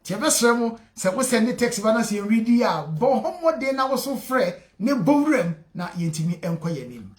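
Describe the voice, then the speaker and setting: A man hosting a call-in radio show, chatting with callers in lively, laughing banter. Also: very high-pitched, moderate pace, few pauses, roomy sound. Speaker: radio host.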